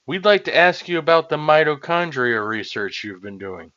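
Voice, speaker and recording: A man reading the lines of an earnest young female police detective in his own plain voice, asking steady, even questions. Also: a little high, normal speed, lo-fi sound.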